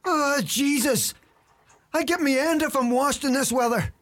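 A man acting out a sly, work-shy old Irish uncle with a strikingly high, reedy voice. He mutters dry, grumbling wisecracks in a thick Irish accent, like a comedy sketch character. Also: a little slow, fairly bright tone. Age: older.

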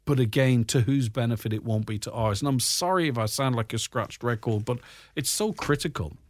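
An Irish man with a faint English twang reads through the day's papers, breaking off into chatty asides full of ums and uhs. His voice sits at an ordinary pitch and sounds close and dry, with no room around it. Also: a little fast, dry recording. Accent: Irish with a slight English twang. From Ireland. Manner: conversational, frequent fillers and asides. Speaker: radio host reading the papers. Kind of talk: casual news chat with commentary.

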